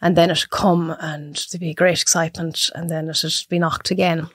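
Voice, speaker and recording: A woman in her thirties with an Irish accent, chatting as a podcast guest and acting out her clients in high voices. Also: level tone, normal speed, husky, no echo, studio quality. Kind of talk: casual chat.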